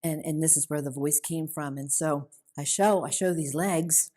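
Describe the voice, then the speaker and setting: At a women's conference in a conference hall, a middle-aged woman with a low, mellow voice delivers her faith testimony at normal speed, earnest and full of emotion.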